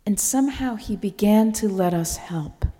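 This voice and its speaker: A woman giving a slow, contemplative spoken reflection to a gathering, often dropping to a breathy whisper. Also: mid-range voice, lively intonation, dark tone. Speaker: speaker sharing reflections. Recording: long reverb in a hall.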